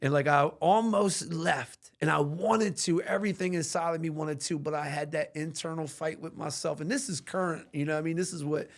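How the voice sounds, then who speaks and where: A man talking candidly as a podcast guest about his recovery, earnest and animated, with casual slang and cussing. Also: on the high side, brisk, few pauses.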